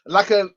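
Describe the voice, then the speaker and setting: A man's voice: high voice, gravelly, slightly rough. Man, fan channel host, casual repetitive chatter, a bit of a cough, muffled audio. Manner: rambling, repeats phrases, many fillers. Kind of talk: casual live chat reading comments.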